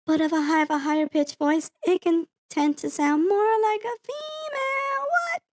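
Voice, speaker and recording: A man's voice: a little slow, no echo, clean studio sound. A man testing a female voice-changer effect while reviewing audio gear, in a matter-of-fact, demonstrating way. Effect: female voice changer pitched up.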